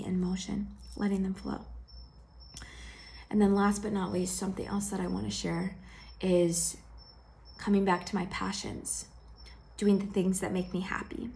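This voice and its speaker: A woman sharing a heartfelt personal vlog, speaking gently and intimately to the viewer and often dropping into a soft whisper. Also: medium pitch, creaky, a little hiss or hum. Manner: affectionate, speaks straight to the viewer.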